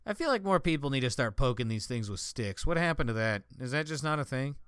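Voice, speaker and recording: A man's voice: medium pitch, animated, fast talker, a bit bright, clean tone, no echo, studio quality. A young man hosting a casual podcast, reading news headlines and joking crudely between them. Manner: crude joking, reads headlines aloud with asides. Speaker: podcast host.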